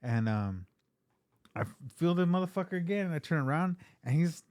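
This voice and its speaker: A man's voice: a little high, animated, fairly quick, darkish tone, clear, resonant tone, dry recording, studio quality. A man hosting an interview, telling casual stories with plenty of swearing and acted-out quotes. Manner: laid-back storytelling with lots of swearing and acted-out quotes. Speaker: podcast host.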